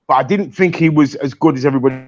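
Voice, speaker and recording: A man's voice: on the high side, racing, dull audio. A man on a casual football chat panel, hesitant, stumbling and repeating words as he admits a view. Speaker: podcast panelist.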